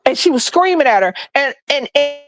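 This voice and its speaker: A woman's voice: high voice, sing-song, fairly quick. Heated, profane woman ranting. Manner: blunt, profane, heated, repeats for emphasis. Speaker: streamer sharing opinions. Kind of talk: passionate ranting monologue.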